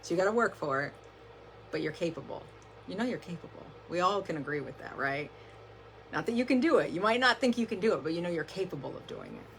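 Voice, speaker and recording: A woman's voice: lowish voice, lively intonation, fast, creaky, a bit bright, a little hiss or hum. A woman giving a casual motivational talk to her team on a livestream, chatty and peppered with "like" and the odd swear word. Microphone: camera close up, adjusted during stream.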